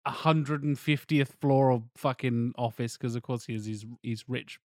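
A man's voice: mid-range voice, normal speed, darkish tone, dry recording, studio quality. A man, co-hosting a film podcast, sarcastic and sweary, often laughing. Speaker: podcast co-host. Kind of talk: casual film recap chat.

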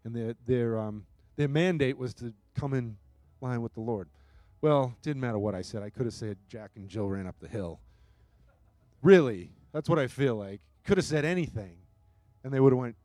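A man preaching a sermon and telling a story, his voice swinging between hushed moments and loud, emphatic bursts. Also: mid-range voice, moderate pace, dry recording. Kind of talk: sermon testimony.

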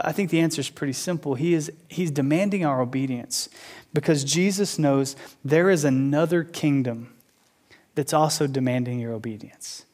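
A man preaching from the pulpit in a fairly high voice. He swings between loud, insistent, repeated appeals and low, hushed explanation. He slips in casual asides and plays out questions from the listeners. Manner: emphatic, rising to loud repeated appeals then dropping low and quiet. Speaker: pastor. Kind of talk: sermon.

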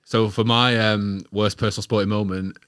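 Low-voiced laid-back man. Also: flat delivery, normal speed, a bit bright, clear, resonant tone, no room sound, clean studio sound. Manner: laid-back, chuckles through his story. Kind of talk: casual storytelling among friends.

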